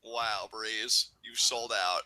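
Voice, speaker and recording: A man's voice: on the low side, steady tone, slow, pushed and bright, no room sound, low-quality recording. A man co-hosting a live wrestling reaction chat, tossing out dry, sarcastic quips. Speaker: co-host of a wrestling reaction show.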